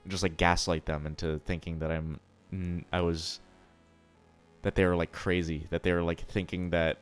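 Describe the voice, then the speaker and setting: A man's voice: low voice, little pitch movement, normal speed, clean tone. A man streaming live, chatting casually and answering chat, rambling and swearing freely.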